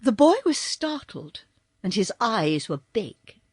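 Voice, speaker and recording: A woman reading a children's storybook aloud as audiobook narrator, slow and expressive. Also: mid-range voice, husky, dry recording, studio quality. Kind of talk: scripted narration.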